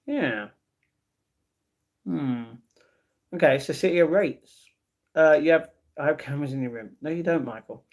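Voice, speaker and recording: A man's voice: a little high, lively intonation, a little slow, pauses often. A man hosting a casual livestream, reading viewer comments aloud and answering them with easygoing replies. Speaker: livestream host.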